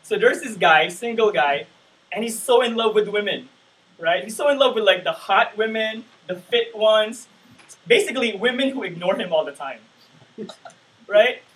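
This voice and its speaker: Male preacher, high voice, casual talky sermon, distant mic. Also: lively intonation, moderate pace, a bit bright. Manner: conversational, keeps asking the room "right?".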